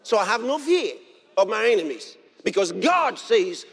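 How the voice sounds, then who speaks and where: Man, pastor, sermon, emphatic, repetitive, high voice, lively intonation, long hall echo. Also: unhurried, slightly rough. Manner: emphatic, repeats phrases, rises to shouts.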